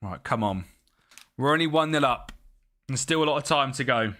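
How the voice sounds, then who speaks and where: A man streaming a football management game, commentating live and chatting with his viewers. He gets excitable and yells at the match. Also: mid-range voice, moderate pace.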